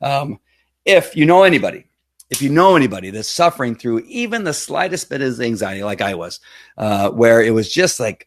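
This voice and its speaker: A man's voice: mid-range voice, very animated, fairly quick, dry recording, studio quality. A middle-aged man hosting a casual livestream, talking in an earnest, rambling way with many fillers and restarts. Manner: earnest and emotional. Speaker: livestream host.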